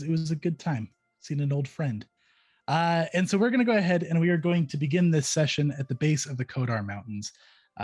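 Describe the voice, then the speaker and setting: A man's voice: mid-range voice, darkish tone, no room sound. A man narrating as game master of a tabletop game in a casual way, with many fillers.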